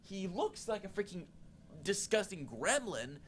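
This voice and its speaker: A man's voice: sits high, big pitch swings, unhurried, slight background noise. Exasperated young man ranting. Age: young adult. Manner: exasperated, indignant ranting with many restarts. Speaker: co-host of a campus TV show. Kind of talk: ranting film review.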